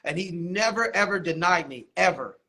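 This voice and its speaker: A man, a barber and basketball coach, telling animated stories in a casual interview, acting out quotes. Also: sits high, moderate pace. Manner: animated storytelling, laughs often, acts out quotes.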